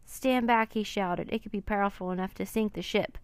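Woman doing a forceful, alarmed ship captain. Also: medium pitch, steady tone, brisk, smooth, no room sound, natural voice. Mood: commanding.

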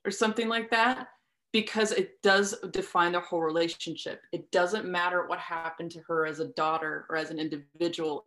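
A woman's voice: lowish voice, a bit bright. A woman discussing a film in casual conversation, articulate and thoughtful.

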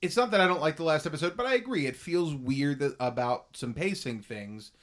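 A man's voice: on the high side, expressive, brisk, fairly bright tone. A man co-hosting a podcast, chatting in an easygoing, agreeable and wry way. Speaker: podcast co-host. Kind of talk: casual chat.

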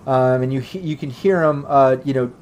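A man's voice: mid-range voice, moderate pace. A man running a tabletop role-playing game as game master, narrating casually with lots of fillers. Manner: casual, many fillers, breaks into gruff shouting voices for NPCs.

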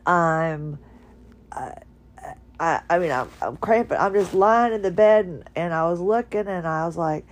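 A tired woman talks from her bedroom in a rambling, halting monologue full of restarts. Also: fairly low pitch. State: tired, drowsy. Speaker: podcaster. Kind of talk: casual personal monologue.

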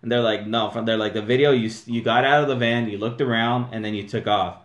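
A young man co-hosting a podcast, telling rambling stories in a mellow, laid-back way and swearing often. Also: mid-range voice, fairly even intonation, fast talker. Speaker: podcast co-host. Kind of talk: casual podcast chat. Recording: echoey room.

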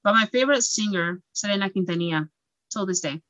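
A young woman from Equatorial Guinea, a pageant titleholder and singer, chatting in an interview with frequent laughter and animated storytelling. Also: mid-range voice, fast talker, no echo, dull audio. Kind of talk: casual interview chat.

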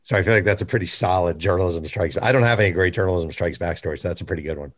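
A man's voice: deep voice, rapid-fire. A man hosting a podcast, asking questions in a casual, chatty way with plenty of fillers. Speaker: podcast host. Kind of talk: casual interview chat.

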